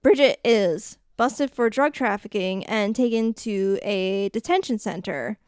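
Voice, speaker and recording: Woman podcast co-host, chatty recapper, smooth and slightly high, dry close sound. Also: dry recording. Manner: animated retelling with quick mock character voices. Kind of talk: casual movie recap chat.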